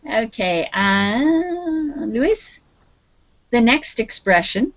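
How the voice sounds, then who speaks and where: Slow, patient Canadian woman teaching online. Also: medium pitch, animated, a bit bright. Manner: slow, patient, prompting students. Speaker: English teacher. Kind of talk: online English lesson. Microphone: video call. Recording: dull lo-fi video call audio.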